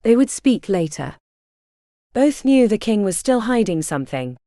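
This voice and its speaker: A woman narrates a romance novel with expressive, dramatic delivery. Her pitch rises and falls in a lively way over a mellow tone, and the recording is dry and close. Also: normal speed, no room sound. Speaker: audiobook narrator. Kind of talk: scripted narration.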